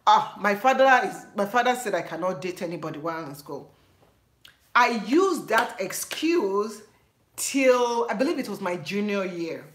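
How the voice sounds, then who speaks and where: A woman with a Nigerian accent telling a story on her vlog in an animated, laughing way. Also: medium pitch, normal speed, slight background noise. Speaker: vlogger. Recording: echoey room.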